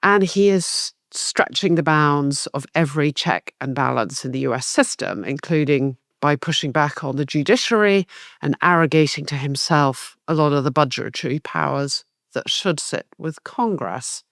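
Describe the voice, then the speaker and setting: A woman's voice: low voice, normal speed, a bit bright, no echo, clean studio sound. A woman co-hosting a political podcast, laying out her points in a structured, analytical way. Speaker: podcast co-host.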